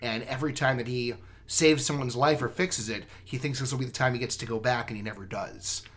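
A man's voice: medium pitch, fairly quick, fairly bright tone. A man co-hosting a podcast in casual chat, talking earnestly and with enthusiasm. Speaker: podcast co-host.

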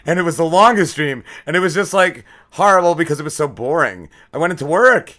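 A man's voice: on the high side, animated, fairly quick, pushed and bright. A man co-hosting a podcast, telling a long story in casual chat, rambling and swearing with lots of fillers. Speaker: podcast co-host.

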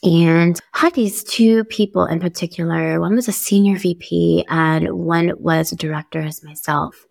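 A woman in her thirties tells her own story as a podcast host, candid and easygoing. Her voice sits low and carries a gravelly edge. The close mic leaves it dry, with no room sound. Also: fairly even intonation, moderate pace, no echo. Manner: candid, conversational, upbeat with soft laughs. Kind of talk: personal storytelling monologue.

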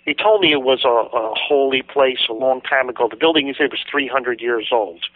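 A man's voice: mid-range voice, brisk, no echo. A man, a guest author, telling a long story in an interview, acting out the words of the people in it. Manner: lively storyteller, voices other people's words. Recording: tinny dry phone line.

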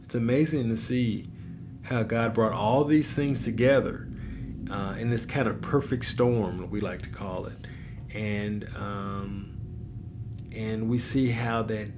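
A man teaching a Bible passage as a pastor, earnest and encouraging, often pausing with ums and restarting his sentences. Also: medium pitch, a little hiss or hum.

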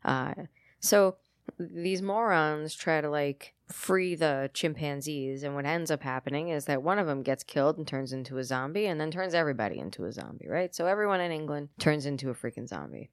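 Low, gravelly woman in casual chat. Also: expressive, a little fast, dry recording, clean studio sound. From Italian heritage. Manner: laughs often, blunt and jokey. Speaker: podcast co-host.

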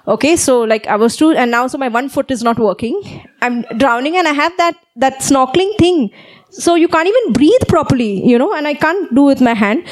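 High-voiced woman preaching a lively sermon. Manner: animated storytelling, often asks "okay?". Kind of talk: sermon with personal story.

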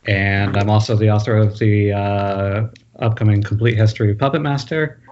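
A man talking casually on a video call, relaxed and halting, pausing with fillers. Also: fairly low pitch, lo-fi sound, noisy background. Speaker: guest author.

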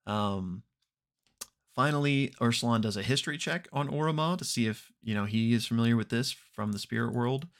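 A man hosting a podcast, casually recapping an actual-play episode with many ums and quick acted-out quotes. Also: medium pitch. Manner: relaxed, unhurried retelling with frequent ums and throat clearing; briefly acts out characters' lines in quoted voices.

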